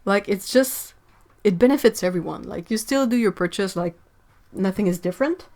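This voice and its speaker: Painting during an art livestream from her home studio, a woman chats casually and apologetically, often dissolving into giggles. Her mid-range voice has a darkish tone and moves at normal speed.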